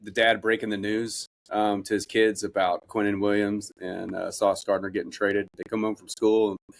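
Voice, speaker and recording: A man with a mid-pitched voice tells sports stories on a podcast, slipping into lively impressions of the people he quotes. He talks casually, with fillers and restarts. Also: normal speed, vocal fry, dry recording. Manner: storytelling, animated impressions of others. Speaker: podcast co-host.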